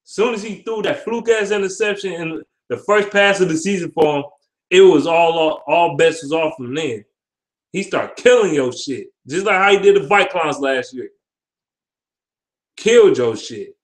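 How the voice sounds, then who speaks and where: A man's voice: fairly high pitch, moderate pace. A man giving a football predictions vlog, reading comments and trash-talking with lots of profanity. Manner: profane, animated, laughing trash talk. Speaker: sports vlogger. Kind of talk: casual trash-talk commentary.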